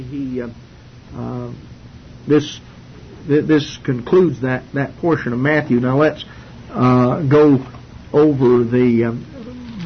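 Folksy halting Bible teacher, man. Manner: folksy, halting, many fillers and restarts. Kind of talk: informal Bible study sermon. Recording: dull lo-fi recording with faint rumble.

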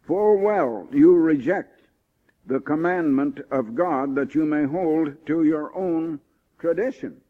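Male preacher, emphatic sermon delivery, slightly high voice, tinny lo-fi recording. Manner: emphatic, rising on key points, slows for scripture. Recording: tinny phone-like old recording.

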